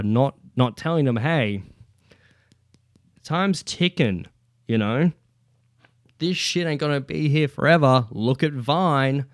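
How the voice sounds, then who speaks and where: Aussie guy rambling on his home podcast, swears heaps, mid-pitched, dead dry mic. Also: no echo. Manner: rambling, heavy swearing, lots of fillers. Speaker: podcast host. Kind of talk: casual solo podcast rant. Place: at home with his child nearby. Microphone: podcast microphone.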